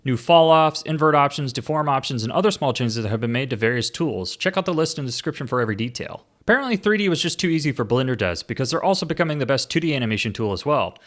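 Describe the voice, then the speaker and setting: Quick-talking male host with a mid-range voice for a scripted tech rundown, with dry joking asides. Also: mid-range voice, animated, fairly bright tone. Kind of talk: scripted software overview narration.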